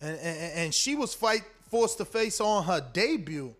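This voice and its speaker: Male stream host, high voice, casual and cussing, rambles on boxing talk. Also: animated, unhurried. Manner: loose, profane, rambling and emphatic. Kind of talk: casual livestream chat.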